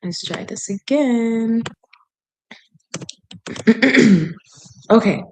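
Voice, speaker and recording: A woman's voice: fairly high pitch, drawn-out words, creaky, slight background noise. Chatty woman reading aloud and laughing. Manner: chatty, laughs often, stops to puzzle over words. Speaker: language learner reading aloud. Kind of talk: casual reading practice with commentary.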